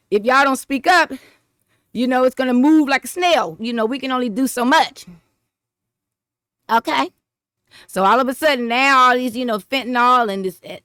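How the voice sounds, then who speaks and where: Rambling, animated woman vlogger. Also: high voice, dry recording, studio quality. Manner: rambling and animated, repeats herself, laughs often. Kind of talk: casual political commentary vlog.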